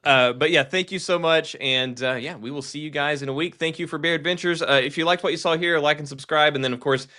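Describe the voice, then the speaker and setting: A man hosting a podcast with a bright, forceful voice. He talks casually in a loose, rambling way. He corrects himself mid-sentence and slips in jokes. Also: a little high, steady tone, quick pace, hardly any pauses. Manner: rambling, self-correcting, joking. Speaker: podcast host. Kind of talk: casual chat.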